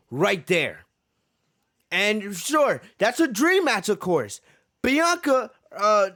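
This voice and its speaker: High-voiced man ranting on a podcast. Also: fairly bright tone, no room sound, studio quality. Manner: frustrated, repeats himself, many fillers. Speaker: wrestling podcast host. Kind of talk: ranting reaction commentary.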